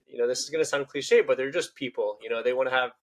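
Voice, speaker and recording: A man hosting a podcast, chatting casually and encouragingly with his guest. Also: medium pitch. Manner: quick, encouraging, full of "you know". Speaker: podcast host. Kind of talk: casual interview chat.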